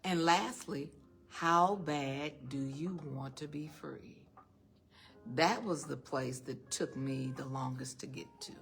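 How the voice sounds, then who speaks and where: Gravelly-voiced woman giving an emphatic talk. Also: deep voice, slow, faint music behind. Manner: emphatic, animated, with rhetorical questions; calls listeners "honey". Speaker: speaker addressing a live and online audience. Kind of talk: motivational faith-based talk. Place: event room with an audience.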